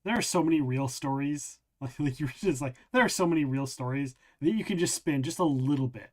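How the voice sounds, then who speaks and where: A man hosting a live podcast in casual chat, laughing easily and rambling in a relaxed way. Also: mid-range voice, brisk. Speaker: podcast host.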